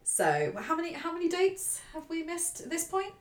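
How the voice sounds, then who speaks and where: A woman's voice: extremely high pitch, moderate pace, slight background noise. Chatty woman telling a dating story. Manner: swearing, animated storyteller, acts out her own quotes. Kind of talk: casual chat. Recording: echoey room.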